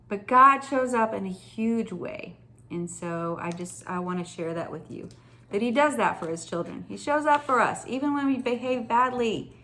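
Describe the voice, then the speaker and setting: Woman vlogger, faith testimony, chatty and earnest, mid-pitched, conversational. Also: a bit bright. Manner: chatty and earnest, lots of fillers and asides. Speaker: host of a faith vlog. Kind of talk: casual faith testimony vlog.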